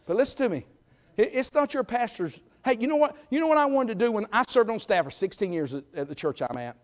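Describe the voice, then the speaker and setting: A man's voice: high-pitched, lively intonation, fast talker. Emphatic folksy male preacher. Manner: folksy, emphatic, swings from loud calls to quiet asides. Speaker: guest preacher. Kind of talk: sermon. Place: church sanctuary.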